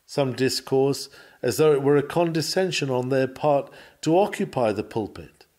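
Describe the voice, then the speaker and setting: A man's voice: medium pitch, animated, normal speed, darkish tone. Solemn man reading an old sermon. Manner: solemn, earnest preaching cadence. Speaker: reader of a sermon lecture. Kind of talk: read-aloud sermon.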